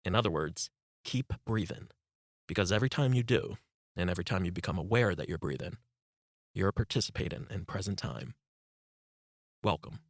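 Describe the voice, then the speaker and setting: A man narrating a self-help audiobook as a meditation guide, giving calm, instructive breathing cues close to the mic. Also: low-pitched, normal speed, pauses often, no echo.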